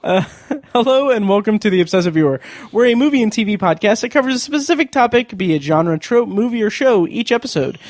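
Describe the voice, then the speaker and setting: A man hosting a movie and TV podcast, talking quickly and casually with frequent laughs. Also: high voice, expressive, dry recording. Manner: quick, chatty, laughs often. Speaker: podcast host.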